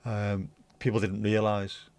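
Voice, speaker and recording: Gravelly man, blunt chatty host. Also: fairly low pitch, level tone, measured pace, darkish tone, no room sound. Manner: rambling, blunt and sweary. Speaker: livestream host. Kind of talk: casual chat reading viewer comments.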